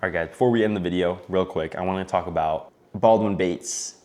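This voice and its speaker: A man closing out his vlog with a relaxed, chatty plug for a small bait maker. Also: sits low, brisk. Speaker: vlog host. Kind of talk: casual sponsor shout-out.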